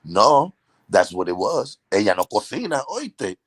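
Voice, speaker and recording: A man's voice: fairly low pitch, big pitch swings, measured pace, fairly bright tone, husky, no echo. Dominican new york guy swapping stories, laughs a lot, flips between english and spanish, dry close sound. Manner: mixes English and Spanish, laughs often, acts out quotes. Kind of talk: casual storytelling chat.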